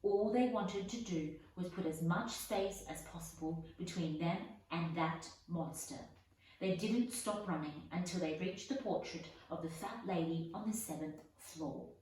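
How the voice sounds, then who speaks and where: A woman reads a storybook aloud in a measured, unhurried manner. Her voice sits a little low, and she sounds far from the mic, with a heavy echo around her. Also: a little mellow, a little hiss or hum. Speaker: audiobook reader. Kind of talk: storybook narration. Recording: echoey room, voice from far off.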